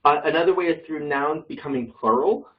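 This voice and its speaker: A man's voice: fairly high pitch, fairly quick, distant mic, phone-quality sound. A man leading an online Bible study class, explaining grammar casually with many fillers and self-corrections.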